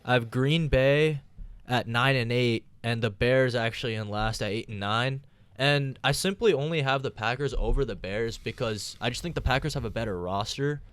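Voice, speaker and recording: A man's voice: medium pitch, normal speed, clear, resonant tone, dry recording. Young man hosting a sports podcast. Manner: leads the talk, steady rambling analysis. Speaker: podcast host. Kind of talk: casual sports chat.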